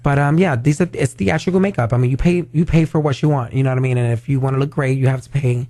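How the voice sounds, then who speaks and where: A man who performs as a drag queen, chatting as a guest in a radio studio, talking fast and loose with lots of filler words. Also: medium pitch, mellow. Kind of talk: casual radio interview chat.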